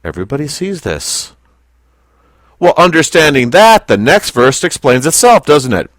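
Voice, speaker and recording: Lively-voiced man teaching scripture. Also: on the high side, no room sound, clean studio sound. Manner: slow, deliberate, asks the class questions. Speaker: Bible teacher. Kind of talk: Bible teaching to a small group.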